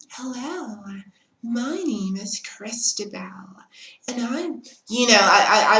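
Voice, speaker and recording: Earnest woman vlogger, lower pitch, unhurried, encouraging tone, roomy echo. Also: bright, forceful tone. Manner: earnest, encouraging, direct to camera. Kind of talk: casual advice vlog. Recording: echoey room.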